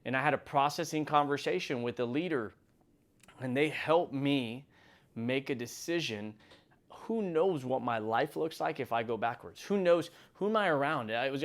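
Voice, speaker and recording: A middle-aged man giving an emphatic motivational talk as the host, building from calm reflection to near shouting. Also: mid-range voice. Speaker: motivational speaker.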